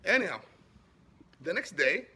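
A man from Saudi Arabia, a native Arabic speaker, telling a casual story in English; his voice jumps high when he gets excited. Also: a little slow, slightly rough. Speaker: vlogger.

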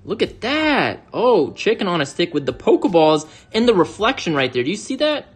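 A man's voice: high voice, very animated, moderate pace, husky, soft background music. A man hosting an unboxing video, talking casually to viewers and gushing over each card. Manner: chatty, addresses viewers as "you guys"; gushing exclamations. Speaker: card-opening channel host.

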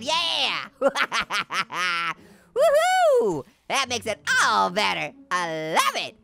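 A man's voice: sharp tone, heavily acted. A man voicing a hyper, wisecracking talking orange who tells puns and laughs at his own jokes while commentating a game. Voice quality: squeaky, high, gravelly edge. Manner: giggly, pun-telling, constantly laughing at own jokes. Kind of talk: gaming let's-play commentary.

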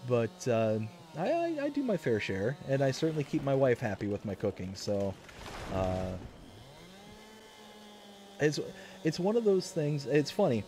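Guy rambling on his stream, warm mellow voice, lots of uhs and likes, bit of hiss. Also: mid-range voice, wildly swooping pitch, measured pace, pauses often. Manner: rambling, many fillers and restarts. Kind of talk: casual live-stream chat.

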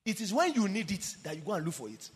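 A man preaching a sermon with passion, swinging from sung, shouted emphasis down to quiet low asides. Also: sing-song, fast. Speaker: pastor. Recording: long hall reverb.

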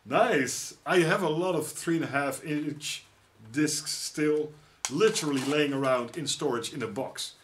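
A middle-aged man with a Dutch accent unboxing gifts in a casual vlog, exclaiming often with excitement. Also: on the high side, measured pace, slight background noise. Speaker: YouTuber.

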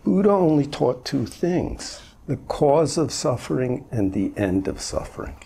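Older man in his 70s, Zen teacher; husky, animated delivery, conversational and lightly humorous. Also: medium pitch, unhurried. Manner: conversational, gently humorous storytelling. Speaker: Zen master. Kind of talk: informal dharma talk answering a question.

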